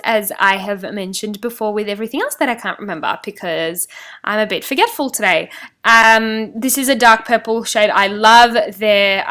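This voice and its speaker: A young woman talks through her makeup steps in a loose, chatty voice-over. She rambles and laughs off her own slips of the tongue. Her voice is bright and clean. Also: medium pitch, clean tone. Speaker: beauty vlogger. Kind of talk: casual voice-over for a makeup tutorial.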